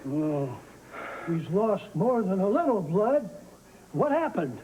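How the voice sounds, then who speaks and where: An actor playing a brisk, commanding small-town doctor in a soap opera. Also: male voice, high voice, very animated, mellow, slight background noise, heavily acted, low-quality recording. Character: brisk male country doctor.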